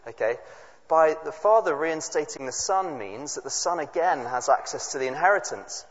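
A man at a family service, reading a Bible story aloud and explaining it to the children in a chatty way, with quick asides to the audience. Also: on the high side, expressive. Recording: echoey hall, dull lo-fi sound, faint noise.

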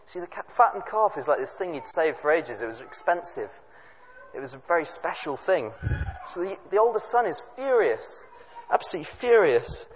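A man at a family service, reading a Bible story aloud and explaining it to the children in a chatty way, with quick asides to the audience. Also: on the high side, big pitch swings. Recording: echoey hall, dull lo-fi sound, faint noise.

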